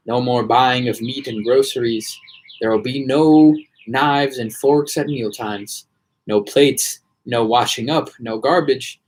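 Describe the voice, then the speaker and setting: A man voicing an eccentric, proud male candy inventor who talks in boastful exclamations, with a husky voice. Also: mid-range voice, rough recording.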